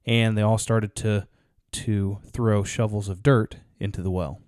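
A man's voice: lowish voice, steady tone, a little slow, darkish tone, dry recording, clean studio sound. A man co-hosting a podcast, telling a story in a rambling way with frequent restarts. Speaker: podcast co-host. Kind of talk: casual podcast talk, storytelling.

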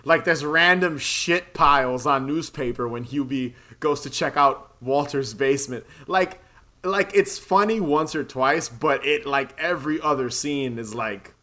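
A man's voice: mid-range voice, a little slow, pushed and bright. A young man co-hosting a casual movie-review chat, rambling and laughing often, with a lot of filler words. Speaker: podcast co-host reviewing a movie.

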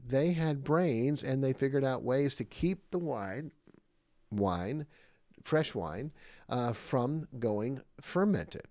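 A man's voice: mid-range voice, darkish tone, no echo. A man giving a Bible lesson in a sermon-like way. He is emphatic and drives his points home with rhetorical questions and repetition. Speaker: podcast preacher and jail Bible teacher.

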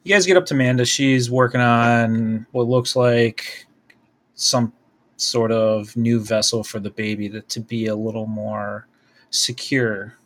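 A man narrating a tabletop game as game master, loose and halting, with many fillers. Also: mid-range voice, fairly even intonation, a bit bright.

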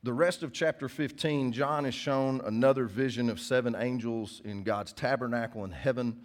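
Folksy pastor, preaching. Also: male voice, mid-range voice, steady tone, moderate pace. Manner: folksy, conversational, asks the congregation questions. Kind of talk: sermon.

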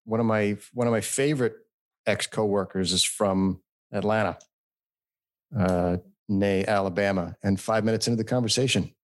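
A man from the United States in casual chat, telling animated stories and mimicking voices. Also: fairly low pitch, moderate pace, dry recording, studio quality.

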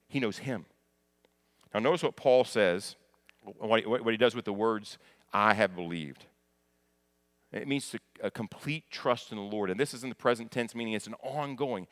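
A middle-aged male pastor preaching a conversational sermon, moving between quiet explanation and loud, emphatic passages. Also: medium pitch.

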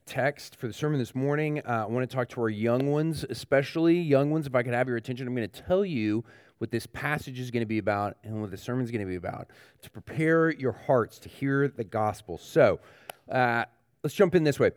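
A man's voice: mid-range voice, fairly quick, no room sound, studio quality. A male pastor giving a children's sermon, asking the kids questions and talking to them directly.

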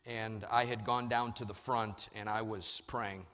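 A man preaching a sermon, telling a personal story and moving between quiet and loud passages. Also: on the low side, steady tone, measured pace. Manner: storytelling, swings from soft to loud. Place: large church hall. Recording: long hall reverb.

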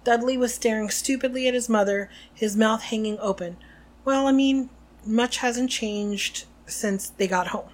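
A woman co-hosting a podcast, narrating a novel aloud in an expressive way and chatting about it. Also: on the high side, a little slow. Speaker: podcast co-host.

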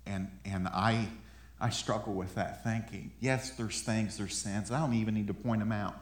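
A man's voice: fairly low pitch, steady tone, normal speed, roomy sound. A man preaching a sermon in a conversational way, often repeating words as he builds a point. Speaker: pastor. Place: room with an audience.

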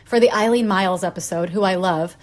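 A woman's voice: medium pitch, a little fast. A woman in her late thirties hosting a podcast, telling a story candidly with frequent laughs. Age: 30s. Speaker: podcast host. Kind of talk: casual podcast chat.

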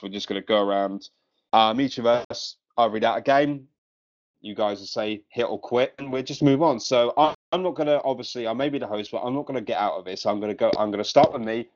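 A man hosting a casual gaming podcast, talking with many ums and pauses. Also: medium pitch, lo-fi sound. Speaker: podcast host.

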